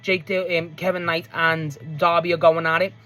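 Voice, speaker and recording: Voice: medium pitch, flat delivery, normal speed, bright, forceful tone. A speaker giving a casual, rambling recap of a wrestling match. They swear freely, laugh often and restart sentences a lot. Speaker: wrestling show reviewer.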